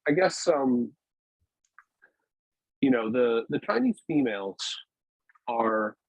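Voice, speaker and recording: A man's voice: medium pitch, animated, takes it slowly, no echo. Rambling man on a tinny call. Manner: rambling, hesitant, many restarts and fillers. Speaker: podcast guest, weightlifting media founder. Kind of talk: casual conversational interview. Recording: dry, tinny phone-like call audio.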